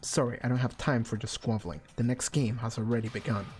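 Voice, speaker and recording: A woman's voice: very deep voice, fairly even intonation, brisk, a little mellow, soft background music. A woman voicing a cold, arrogant rich teenage boy in a video game, speaking in a condescending way.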